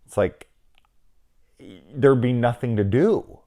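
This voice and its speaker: A man's voice: mid-range voice, takes it slowly, pauses often, warm tone. A middle-aged man giving a rambling, wry, casual film review, swearing now and then.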